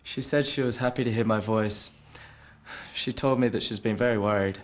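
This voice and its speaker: An actor playing David, an apologetic young man, in a scripted drama for English learners, speaking quietly and hesitantly. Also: on the low side, moderate pace, a little hiss or hum, lightly acted. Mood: subdued.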